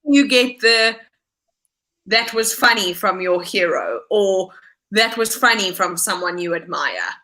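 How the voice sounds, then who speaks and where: A woman's voice: mid-range voice, expressive, measured pace, sharp tone. A woman hosting a casual interview, encouraging her guest in an affectionate way. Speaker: podcast host.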